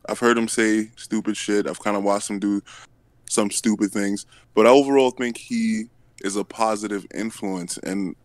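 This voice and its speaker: A man's voice: lowish voice, no room sound. A man talking in a casual online debate, rambling and correcting himself, cracking jokes. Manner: rambling, self-correcting, joking. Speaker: debate panelist.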